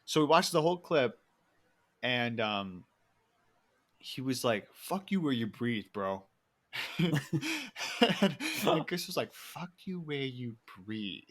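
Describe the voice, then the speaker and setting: A man's voice: medium pitch, sing-song, slow, pauses often, a bit bright. A young man in his twenties or so chats on a podcast with an everyday mid-range voice. He rambles through stories, breaks into laughter, and swears easily. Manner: rambling storyteller, laughs often, swears freely. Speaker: podcast co-host. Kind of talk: casual chat.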